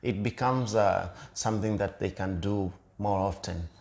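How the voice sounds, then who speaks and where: A man's voice: fairly low pitch, measured pace, gravelly, a little mellow. Earnest man co-hosting a couple's chat. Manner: earnest, repeats key points with many fillers. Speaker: co-host of a couple's channel. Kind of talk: casual chat.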